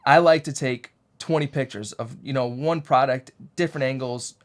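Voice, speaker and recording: A man's voice: medium pitch, normal speed. Joking man in casual chat. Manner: rambling, joking, acts out quotes. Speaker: co-host of a sewing channel.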